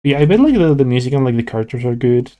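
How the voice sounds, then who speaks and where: A young man races through his words in a dark-toned, mid-range voice with lively intonation. Sleepy and yawning, he draws on a stream and chats casually with his live chat, rambling and restarting with plenty of "like" fillers.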